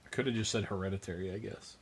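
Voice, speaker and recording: A man with a fairly low voice talks casually through his painting livestream. He thinks aloud as he works and answers viewers with dry, self-mocking jokes. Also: very fast, a little hiss or hum. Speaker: miniature painting livestream host.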